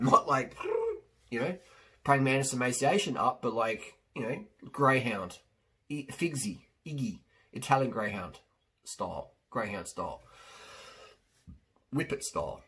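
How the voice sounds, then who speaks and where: A man's voice: medium pitch, a bit bright, slightly rough. A man coaching diet and fitness in a rambling, blunt, unscripted monologue, slipping into quoted voices. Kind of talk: unscripted one-take monologue.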